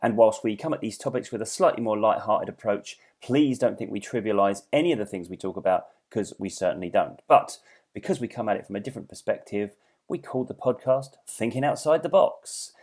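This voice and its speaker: A man's voice: on the low side, brisk, a little mellow, husky. A man co-hosting a podcast in casual chat, telling rambling stories with restarts and laughing at his own jokes. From England. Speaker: podcast co-host.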